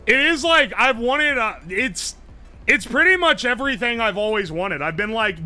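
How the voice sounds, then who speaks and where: A young man live-streaming, chatting casually and thinking aloud while he tinkers, excitable and swearing a lot. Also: extremely high pitch, moderate pace.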